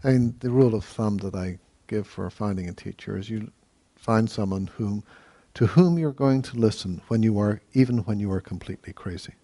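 A man teaching meditation, answering questions in a calm, measured way with frequent hesitant fillers. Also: on the low side. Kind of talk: dharma talk Q&A.

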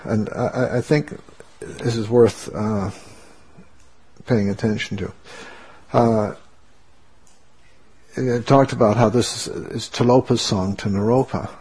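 A man with a low, gravelly voice and a very husky, rough edge gives a spiritual teaching talk. He speaks reflectively and often pauses to find the right word. His tone is that of a meditation teacher addressing students. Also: darkish tone. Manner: reflective, searching for words.

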